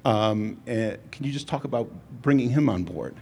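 A man's voice: medium pitch, expressive, normal speed, gravelly, darkish tone, slightly rough. A man asking brief, polite questions as an interviewer. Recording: faint background noise.

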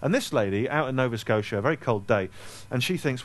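A man's voice: medium pitch, animated, quick pace. A man originally from Scotland chats with a live audience at a store event, holding a handheld mic. He wanders off into jokey, self-mocking tangents and loose asides as he answers their questions. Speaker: author speaking to an audience. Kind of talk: casual audience Q&A. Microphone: handheld microphone.

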